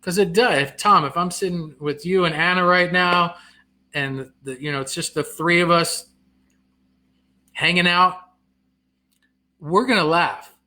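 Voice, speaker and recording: A middle-aged male comedian talking loosely on a live stream, with a bright, forceful voice pitched a little high. He reads comments aloud, answers them and laughs at himself. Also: fairly even intonation. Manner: self-deprecating, quick to laugh. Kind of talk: casual live-stream chat.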